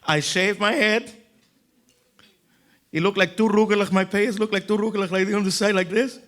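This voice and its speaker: A rabbi with a fairly high voice tells a lively personal story to a crowd. He is animated and slips into other people's voices as he goes, chuckling along the way. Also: moderate pace. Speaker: rabbi giving a talk. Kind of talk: humorous storytelling speech.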